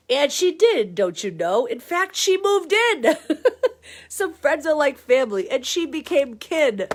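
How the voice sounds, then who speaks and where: A woman's voice: high voice, sing-song, moderate pace. A woman reading a picture book aloud to listeners, chatty and laughing often between the lines.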